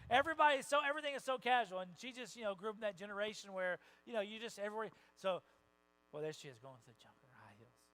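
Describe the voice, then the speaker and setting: A pastor preaches in a church sanctuary in a high, racing voice, captured on a rough recording. Conversational and animated, he acts out the voices of people he quotes, swinging from soft asides to loud bursts.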